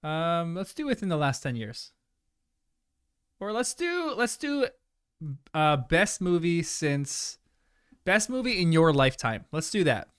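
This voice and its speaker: On the high side and very animated, the host speaks unhurriedly with frequent pauses and a fairly bright, smooth tone. He chats loosely and apologetically with his livestream viewers, sometimes chewing as he talks, captured in studio quality with no room sound.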